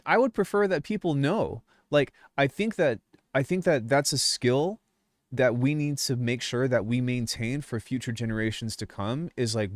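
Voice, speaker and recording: Fired up during a livestream, a young male music producer who makes YouTube videos rants in a rambling, heavily profane way. His voice sits in the mid range, recorded on a dry mic without any echo.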